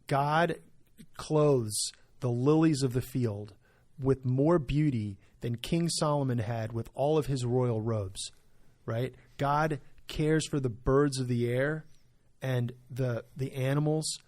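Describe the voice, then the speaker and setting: A man's voice: medium pitch, slow pace, a little mellow. A man, a pastor, talking through a topic on a church podcast in an earnest, emphatic way, often checking in with "right?". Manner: earnest, emphatic, full of "right?" tag questions. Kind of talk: podcast discussion.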